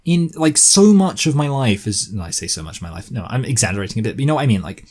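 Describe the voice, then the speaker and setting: A young man with a posh English accent talks through his opinions in a monologue. He speaks at a middle pitch, rambling, arguing and correcting himself as he goes. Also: big pitch swings, fast talker, a little mellow. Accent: posh southern English. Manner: rambling, self-correcting, argumentative.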